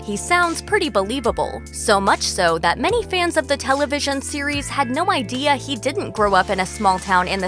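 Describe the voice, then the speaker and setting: A woman reads scripted narration with a bright, animated voice that swoops up and down. Her delivery is brisk and polished, recorded close on a studio mic with faint music underneath. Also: mid-range voice. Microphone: close studio voice-over mic.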